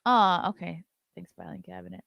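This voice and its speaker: A woman's voice: on the low side, wildly swooping pitch, moderate pace, vocal fry, fairly bright tone, no echo, studio quality. A woman hosting a live-stream show, chatting loosely, reading viewer messages aloud and swearing casually.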